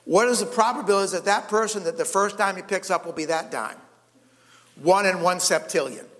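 A man's voice: sits high, brisk, a bit bright. Preaching man in a reverberant hall. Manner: emphatic, addresses congregation with "okay?" and "right?". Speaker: pastor. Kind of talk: sermon.

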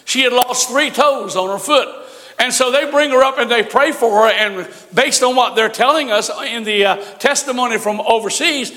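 High, bright-voiced older man preaching. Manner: folksy storytelling preaching with humor. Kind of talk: sermon. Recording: long hall reverb.

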